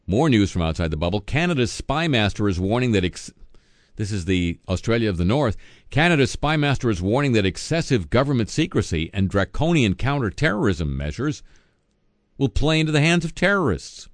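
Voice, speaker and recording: A man's voice: fairly low pitch, sing-song, a little fast, no echo. A man reading satirical news as host, dropping sardonic, wisecracking asides between items.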